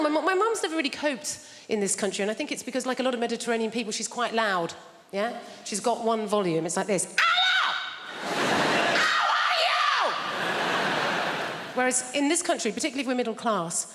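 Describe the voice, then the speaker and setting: A woman's voice: fairly high pitch, animated, quick pace. A woman from England performing stand-up on a theatre stage, chatty and teasing the crowd. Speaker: stand-up comedian. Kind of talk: stand-up comedy set. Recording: reverberant live theatre, noisy. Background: audience laughter.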